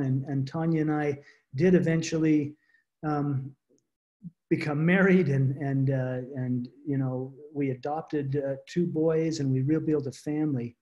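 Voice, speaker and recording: Man, earnest guest storyteller, warm dark tone, slightly high pitch, stumbling restarts, video call. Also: fairly even intonation, lo-fi sound. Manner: earnest, halting with repeated restarts. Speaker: guest speaker. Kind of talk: personal story to a support group.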